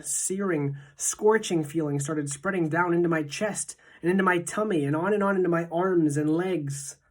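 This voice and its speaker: Teacher narrator, female, deep-pitched, steady expressive storybook reading.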